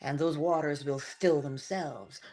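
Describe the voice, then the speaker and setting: Early in the morning at home, a middle-aged woman hosts an inspirational livestream. Her voice is low and her pace measured as she delivers a spiritual talk with animated, preacher-like energy, laughing and tossing in asides.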